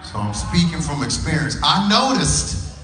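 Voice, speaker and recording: A man in his thirties from New Orleans, doing a stand-up comedy set with animated storytelling and drawling asides to the crowd. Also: a little high, normal speed, noisy background. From New Orleans, USA. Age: 30s. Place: large church hall. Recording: echoey hall, picked up from far off.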